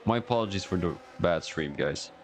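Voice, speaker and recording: A man's voice: low voice, animated, normal speed, a little hiss or hum. A man giving rambling, chatty live-stream commentary on a sim racing league, talking to his viewers and joking about himself. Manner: rambling and chatty, talks to the chat, jokes at himself.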